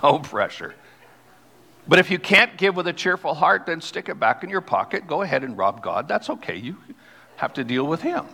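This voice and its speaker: A man preaching a sermon as pastor, reading scripture aloud and slowing down to stress key words. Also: fairly high pitch, very animated, gravelly, sharp tone. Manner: reads scripture aloud, then explains it. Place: church sanctuary. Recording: long hall reverb.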